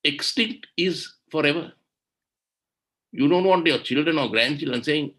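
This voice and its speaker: A man with a voice pitched a touch high addresses a webinar over a video call. He speaks with indignation and fires off rhetorical questions. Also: unhurried, pauses often, fairly bright tone. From Sri Lanka. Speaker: webinar speaker on environmental law. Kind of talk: impassioned webinar talk.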